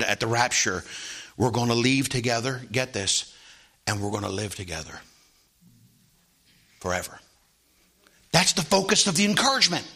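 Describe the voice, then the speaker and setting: Bright-voiced preacher swinging hushed to loud. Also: male voice, mid-range voice. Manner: asks the congregation "Amen?" often. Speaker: pastor. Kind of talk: sermon.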